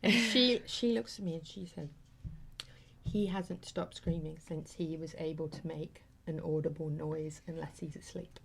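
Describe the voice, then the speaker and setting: A woman's voice: low voice, steady tone, measured pace, gravelly, a crowd in the background. A middle-aged woman hosting a talk show, telling an emotional story in an earnest, casual way with many fillers.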